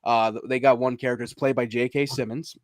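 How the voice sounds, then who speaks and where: Podcast co-host, male, mid-pitched, dry close sound; casual, laughs a lot, restarts his sentences. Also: steady tone, quick pace, no room sound. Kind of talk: casual chat about video games.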